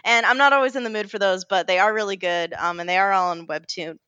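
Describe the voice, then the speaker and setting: A woman co-hosting a casual podcast, telling stories in an animated, rambling way, full of fillers and self-corrections. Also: mid-range voice, quick pace, clear, resonant tone, dry recording, highs cut off. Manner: animated storytelling, often laughing. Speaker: podcast co-host. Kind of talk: casual chat.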